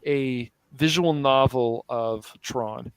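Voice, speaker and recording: A man's voice: mid-range voice, slow, clear, resonant tone, no room sound. Young male podcast host, casual chat, teasing, laughs a lot, dry close sound. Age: young adult.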